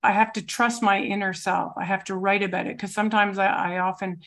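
Soft-spoken reflective woman sharing her recovery. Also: mid-range voice, flat delivery. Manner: reflective and searching, pauses often with soft fillers. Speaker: twelve-step program member sharing her story. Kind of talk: personal recovery testimony.

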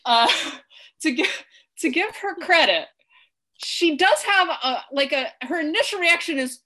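A woman with a bright, forceful voice, chatting casually as a co-host. She sits a little high in pitch and talks in an animated way, often laughing and swearing as she acts out lines. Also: slow pace, long pauses. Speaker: podcast co-host. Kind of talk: casual chat.

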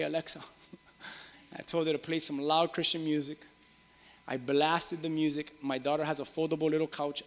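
A middle-aged male pastor preaching with earnest, emphatic force, his voice sitting a little high for a man. He repeats phrases for weight and builds toward loud peaks. The sound carries a long reverb, as in a large hall. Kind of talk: sermon.

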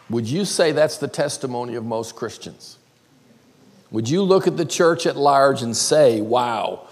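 An older man from South Carolina with a Southern accent, preaching a playful sermon and drawing words out slowly. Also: mid-range voice, slight background noise. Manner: playful, drawls words slowly, calls crowd y'all. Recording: long hall reverb.

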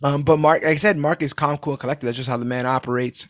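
A man's voice: mid-range voice, fairly even intonation, quick pace, no echo, clean studio sound. A man casually recapping a TV episode on a podcast, acting out the characters' lines and laughing as he goes. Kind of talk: casual chat.

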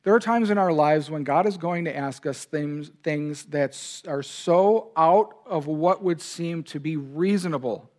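At a measured pace with hardly any pauses, a pastor with a slightly high, somewhat mellow voice preaches earnestly. He emphasizes key words and voices God's words with feeling.

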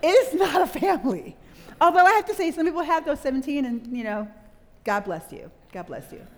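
A middle-aged woman preaches to a live crowd in a church hall. Her pitch sits a little high and swings widely as she tells her story and quizzes the listeners. A long hall reverb trails each phrase. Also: brisk, slight background noise. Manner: animated storytelling, quizzing the audience. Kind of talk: sermon.

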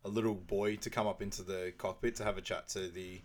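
A man's voice: deep voice, level tone, brisk. A man co-hosting a casual movie recap podcast, retelling scenes and laughing often. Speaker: podcast co-host.

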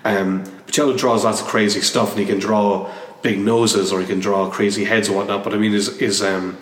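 A man's voice: on the low side, little pitch movement, fairly quick. Hesitant man, distant in an echoey room. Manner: hesitant, many restarts and fillers. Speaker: comic book artist guest. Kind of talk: casual interview conversation. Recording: roomy echo, distant mic, faint noise.

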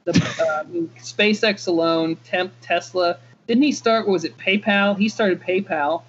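A man with a notably high voice argues his side in a casual podcast chat, pressing his point again and again. The sound is dull and lo-fi. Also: a little slow, a bit bright, a little hiss or hum. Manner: insistent, argumentative. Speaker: podcast co-host.

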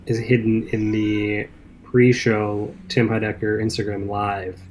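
A man's voice: on the low side, little pitch movement, a little slow, darkish tone, slight background noise, rough recording. A man co-hosting a podcast in casual chat, easygoing and agreeable, with hesitant fillers. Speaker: podcast co-host.

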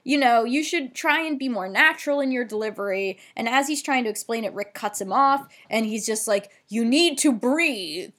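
A woman's voice: a little high, brisk, hardly any pauses, a bit bright. A woman co-hosting a podcast, recapping a TV episode in casual, chatty talk with lots of fillers and some swearing. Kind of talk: casual chat.

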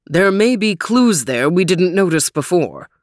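Brief: woman voicing a big ponderous dog, slow and low, storybook. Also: very animated, no echo, studio quality. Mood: thoughtful.

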